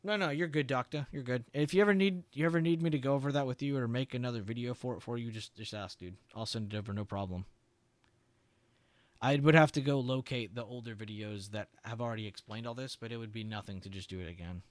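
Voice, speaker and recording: A man's voice: medium pitch, fast, dry recording. A young man hosting a live trading stream, chatting casually with viewers and walking them through charts. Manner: relaxed, chatty, swears and laughs, answers viewers.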